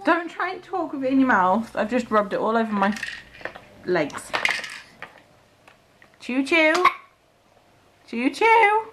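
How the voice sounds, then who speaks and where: A woman's voice: a little high, very animated, normal speed, background noise. A young woman from Cheshire chatting to camera at home, coaxing her baby to chew between asides to viewers. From Cheshire, England. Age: young adult. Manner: chatty, coaxing baby talk while feeding her son. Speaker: family vlogger and mother. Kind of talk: casual vlog chat.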